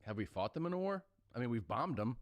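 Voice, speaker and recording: A man's voice: mid-range voice, big pitch swings, quick pace, no echo. Dry-voiced man, wry storyteller. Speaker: comedian co-host. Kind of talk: casual podcast banter.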